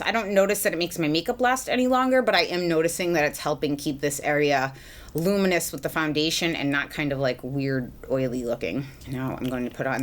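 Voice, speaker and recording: A woman in her thirties from the US, chatting casually while doing her makeup at home, rambling with fillers and little laughs. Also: deep voice. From United States. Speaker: beauty vlogger. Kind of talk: chatty get-ready-with-me vlog. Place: home, at a mirror, indoors.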